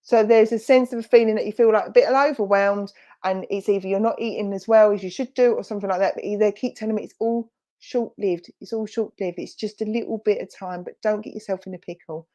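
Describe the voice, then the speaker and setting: A woman's voice: mid-range voice, fairly even intonation, brisk, mellow, dull audio. A woman with a Romford accent working as a spiritualist medium, passing on spirit messages in a chatty, reassuring way during an online service. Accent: Romford, Essex. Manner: chatty, reassuring, with frequent fillers and self-corrections. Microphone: video call.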